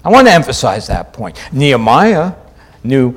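A man preaching a sermon, stressing key phrases and repeating them, moving between loud, raised lines and quiet, low ones. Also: big pitch swings, normal speed, slightly rough.

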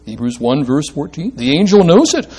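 Male pastor, lively higher voice, emphatic sermon delivery. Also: normal speed, breathy edge. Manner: animated, emphatic, asks the congregation questions.

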